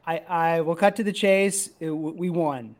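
A middle-aged man, a comic creator and youth baseball coach, telling an excited, emotional story in casual chat. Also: on the high side, moderate pace, a loud crowd.

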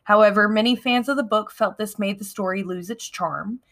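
An American woman co-hosting a podcast, chatting casually and reading out trivia with animated emphasis and frequent laughter. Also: mid-range voice, a little fast. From United States. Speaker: podcast co-host.

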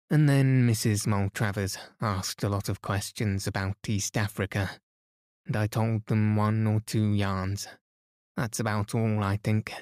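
A man's voice: fairly low pitch, darkish tone, no echo, studio quality, natural voice. A man voicing a plainspoken young soldier in an audiobook, a little uneasy. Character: young male soldier back from Africa.

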